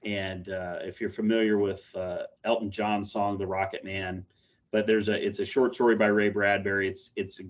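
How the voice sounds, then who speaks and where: Low-voiced man candidly sharing over video call. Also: flat delivery. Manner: candid and plainspoken, halting with restarts. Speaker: corrections officer. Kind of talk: personal story shared in a peer support meeting. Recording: dull lo-fi video call audio.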